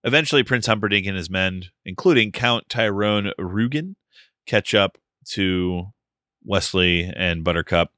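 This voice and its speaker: A man's voice: deep voice, unhurried, bright, forceful tone, no echo, clean studio sound. A man co-hosting a podcast, casually recapping a film's plot with joking asides. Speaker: podcast co-host. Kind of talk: casual movie review chat.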